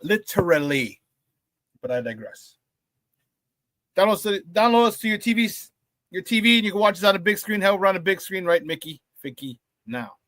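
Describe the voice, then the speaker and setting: A man hosting a morning sports talk show, hyping up viewers in a playful, lively way and often breaking into laughter. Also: high voice, quick pace, no room sound. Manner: hype, playful, talks to the chat and laughs often. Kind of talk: upbeat morning show chat.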